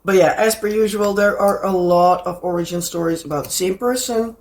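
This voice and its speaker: Hoarse Dutch woman chatting while crafting. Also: medium pitch, a little mellow. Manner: chatty, rambling, pauses to find words. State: hoarse from a cold. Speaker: crafting channel host. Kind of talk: casual rambling chat while crafting.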